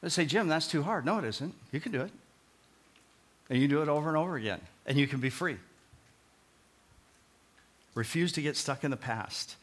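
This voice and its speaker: A male pastor preaching a sermon in a conversational way, moving between loud emphatic points and quiet, earnest pleading, often repeating short phrases. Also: fairly high pitch, normal speed, pauses often.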